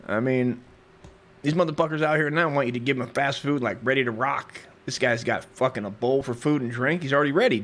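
A man's voice: mid-range voice, a bit bright. A man hosting a comedy podcast, reading history aloud and riffing in a crude, rambling, profane way. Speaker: podcast host.

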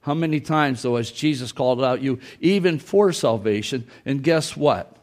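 A man preaches a Sunday sermon in a church. His voice sits at an ordinary middle pitch, and his delivery is folksy, with repeated phrases and quoted lines acted out for the congregation. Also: moderate pace, a little mellow. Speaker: pastor.

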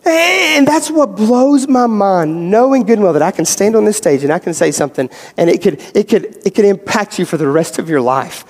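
A man preaching a sermon as pastor, animated, moving between loud emphasis and quiet storytelling. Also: sits high, normal speed, hardly any pauses. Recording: hall reverb.

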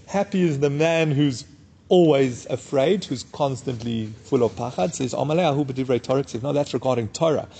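A man giving a daf yomi Talmud class, reading the Aramaic text and explaining it in English in a casual, unhurried way. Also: on the high side, creaky, mellow, slightly rough. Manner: casual and unhurried, with many fillers. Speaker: Talmud teacher.

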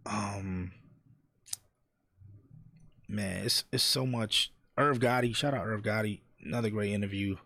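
A man on a casual interview show, telling animated stories and mimicking the people he quotes. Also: on the low side, unhurried, gravelly, pauses often, dry recording, studio quality. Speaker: interviewer and guest. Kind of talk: casual podcast chat.

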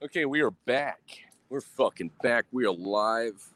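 A man's voice: mid-range voice, animated, a little slow, a bit bright, dry recording, rough recording. A man hosting a casual livestream outdoors at a grill, talking in a profane, rambling, self-mocking way into a phone. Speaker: livestream host.

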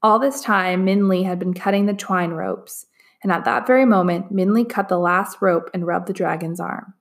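A woman reading a children's story aloud, engaged and inviting with the listener. Her voice is mid-pitched with a gravelly texture. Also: normal speed. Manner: warm, engaged read-aloud with listener questions.

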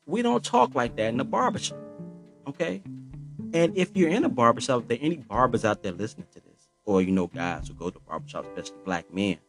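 A man's voice: medium pitch, expressive, fast talker. A man in his forties speaks in a casual podcast monologue. His voice sits in a middle register, and his talk runs loose and conversational with plenty of slang and filler phrases. A faint guitar plays in the background. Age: 40s. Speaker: podcast host.

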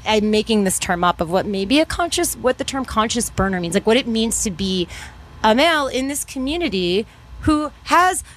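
A woman from New Mexico moderating a panel, talking in an earnest, animated storytelling way. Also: on the high side, moderate pace. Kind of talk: casual panel talk.

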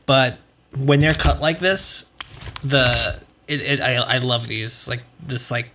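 A man's voice: mid-range voice, takes it slowly, noisy background. A young man hosting a podcast, chatting casually and rambling with plenty of swearing. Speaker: podcast host. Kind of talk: casual chat.

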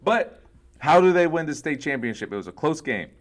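A man's voice: a little high, lively intonation, fairly quick. A man in casual chat, retelling a film scene by scene and acting out the characters' lines. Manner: rambling, acts out quoted lines in changed voices.

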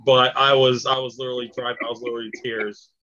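A man's voice: mid-range voice, little pitch movement, quick pace, crowd noise. A man interviewing a filmmaker in a casual chat, enthusiastic and laughing often. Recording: dull lo-fi audio.

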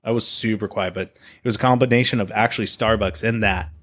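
A man's voice: on the low side, fairly even intonation, brisk, a bit bright. A man as a podcast guest, chatting in a laid-back, profane, teasing way. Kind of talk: crude casual chat.

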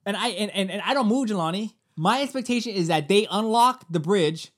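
Podcast guy in his 30s, slightly high voice, cusses a lot, animated little rants. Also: brisk. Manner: emphatic, swears often, animated rants. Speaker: podcast co-host. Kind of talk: casual chat with profanity-laden rants.

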